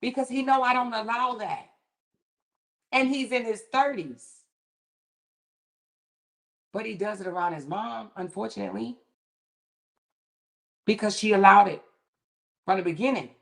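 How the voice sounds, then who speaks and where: A middle-aged woman hosting a livestream, talking candidly and emphatically in casual commentary, with her pitch climbing sharply when she gets indignant. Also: unhurried, gravelly, long pauses. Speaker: livestream host.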